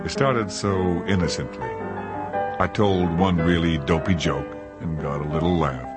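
An older man narrating a comic memoir in a deadpan manner, recorded in a studio. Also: low-pitched.

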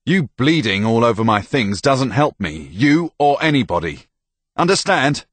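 A man with a deep, gravelly voice, playing a gruff soldier in an audiobook who barks and scolds. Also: slow, no room sound, full character voice. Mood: angry. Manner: barking, scolding. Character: gruff, hot-tempered male soldier.

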